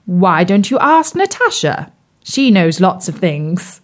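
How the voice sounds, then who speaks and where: A woman's voice: on the low side, sing-song, slow. A woman voicing a patient, mildly grand male frog who was once a prince in a children's storybook.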